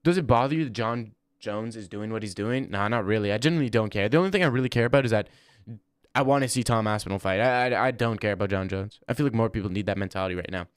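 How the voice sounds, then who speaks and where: A man's voice: on the low side, fast talker, smooth, no room sound, clean studio sound. A young man talking casually on a livestream while gaming, rambling, swearing and reacting to chat. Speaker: streamer.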